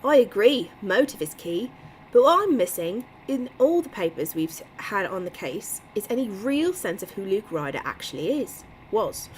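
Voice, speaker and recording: Woman reading female investigator, earnest, thinking aloud, middle pitch, animated. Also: slight background noise, close to an everyday voice, rough recording.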